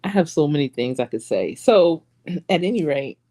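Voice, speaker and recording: A middle-aged woman with a strikingly low voice hosts a live stream as a coach. She chats casually, giggling and drifting off into asides as she goes. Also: lively intonation, normal speed, mellow. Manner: chatty and giggly, trailing off into asides.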